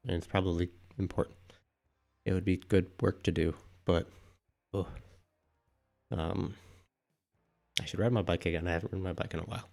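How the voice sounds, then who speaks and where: A man's voice: low voice, fairly even intonation, moderate pace, vocal fry, pauses often, darkish tone, faint music behind. A man chatting casually to his live-stream viewers, out of breath after doing pull-ups and rambling as he thinks aloud. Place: indoors at home.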